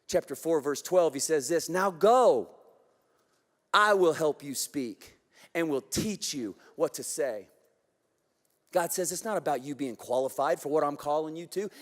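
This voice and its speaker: Passionate high-voiced preacher, big hall. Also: male voice, fairly bright tone. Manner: passionate, leads the crowd in call-and-response. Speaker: pastor. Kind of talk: sermon. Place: large church auditorium. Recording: long hall reverb from a church auditorium. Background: congregation in the room.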